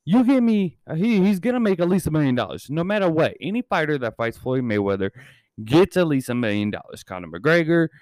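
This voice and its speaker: A man in his thirties rambles through a casual podcast chat, cursing freely as he goes. His voice is smooth and resonant, recorded close and dry with no room sound. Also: fairly high pitch, very animated, a little fast, a little mellow, no echo. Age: 30s. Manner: rambling and heavily profane. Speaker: podcast and channel host.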